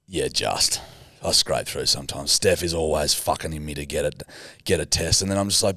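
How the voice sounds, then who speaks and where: An Australian man co-hosting a podcast, talking bluntly and swearing often as he tells animated stories. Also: rumbling low, a little fast, dry recording, clean studio sound. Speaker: podcast co-host. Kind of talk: casual podcast chat.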